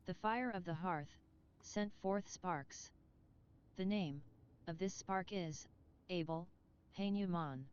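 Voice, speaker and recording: A woman delivers solemn, measured scripted narration in a game, her voice low-leaning and clean. The game audio sounds slightly muffled, with faint music in the background.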